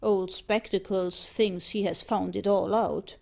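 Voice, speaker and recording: A woman's voice: medium pitch, steady tone, a little slow, vocal fry, lo-fi sound. A woman reading aloud, voicing a mocking street porter who jeers at passers-by. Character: jeering London street porter man.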